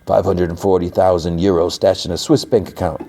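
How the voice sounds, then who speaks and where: A man's voice: low voice, little pitch movement, brisk, gravelly, dark tone. A man voicing a sly male mayoral aide who speaks in a silky, falsely friendly way with veiled menace. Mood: smugly threatening.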